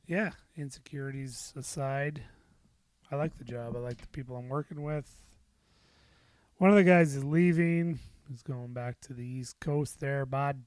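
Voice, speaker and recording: Slow, rambling middle-aged man. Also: mid-range voice, darkish tone, clear, resonant tone, no echo. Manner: rambling and self-deprecating, with frequent fillers and swearing. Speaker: podcast host. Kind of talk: casual solo podcast monologue.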